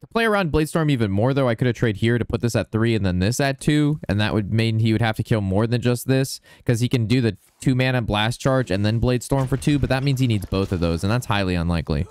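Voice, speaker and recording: Excitable young man streaming a card game. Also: mid-range voice, quick pace, hardly any pauses, smooth, no echo. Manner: excitable, swears a lot, rambling storyteller. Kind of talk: casual gameplay commentary.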